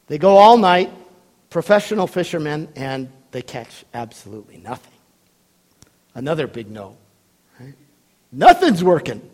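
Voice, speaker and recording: Male preacher, sermon, high voice, very lively pitch, storytelling with acted-out voices. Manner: animated storytelling, acting out voices, laughs often.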